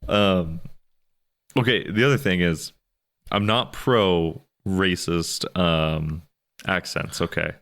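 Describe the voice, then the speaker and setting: A man co-hosting a podcast, chatting casually about a movie, rambling and restarting with sudden animated jumps in pitch. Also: takes it slowly. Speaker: podcast co-host. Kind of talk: casual movie review chat.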